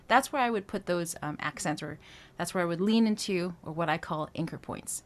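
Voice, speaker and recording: A woman vocal coach explaining singing technique, talking through each point with filler sounds and quick checks with the listener. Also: lowish voice. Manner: talks through points with frequent "um" and checks of "right?".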